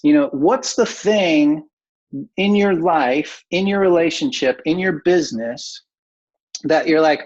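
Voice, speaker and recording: A man leads an online coaching workshop in a casual, upbeat way, scattering uhs and ums as he goes. His voice sits a little high. The sound is dull and lo-fi, as on a video call. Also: takes it slowly, darkish tone. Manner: casual, upbeat, many filler words. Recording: muffled lo-fi video call audio.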